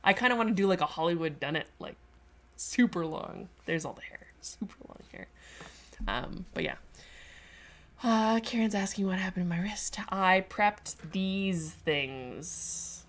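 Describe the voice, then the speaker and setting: A woman's voice: on the low side, big pitch swings, unhurried. A Canadian woman chatting casually on a craft livestream, reading viewer comments aloud and talking about her work. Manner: chatty, reads chat aloud, voices her lizard's thoughts. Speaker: sculpting livestream host. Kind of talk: casual chat while working.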